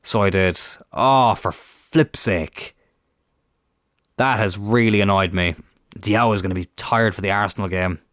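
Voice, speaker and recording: Guy muttering through a football sim, lowish voice, dry close sound. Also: a little slow, a bit bright, no room sound. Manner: frustrated, muttering, swears at the game. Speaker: gaming YouTuber. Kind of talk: casual gameplay commentary.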